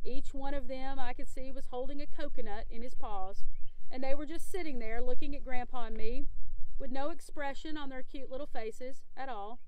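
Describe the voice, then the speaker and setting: A woman gently reading a chapter book aloud as a bedtime story. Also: high-pitched, moderate pace, smooth, poor audio.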